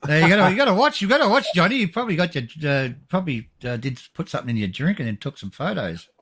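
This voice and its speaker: A man's voice: a little high, very animated, racing, fairly bright tone. A man teasing and swearing in casual chat on a live stream.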